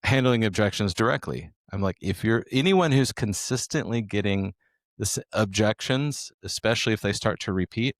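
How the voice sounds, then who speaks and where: A man with a lowish voice is a guest on an interview, teaching sales in a deliberate, emphatic way. He repeats words for stress. The sound is dry and recorded close to the mic. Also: lively intonation, no echo. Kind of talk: conversational interview.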